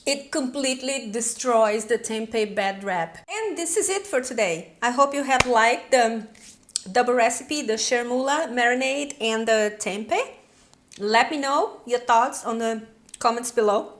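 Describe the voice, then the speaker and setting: A woman hosting her own cooking video, chatty and excitable, demonstrating a recipe with frequent exclamations. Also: on the high side, a little slow. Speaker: cooking channel host.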